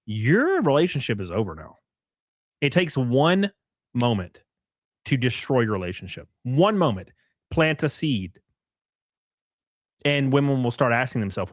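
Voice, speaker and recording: Male streamer, blunt and profane, chatty, dry close sound, mid-pitched voice. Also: big pitch swings, measured pace, long pauses, no room sound. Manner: profane, blunt, reads out viewer messages. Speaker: livestream host. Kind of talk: casual livestream chat.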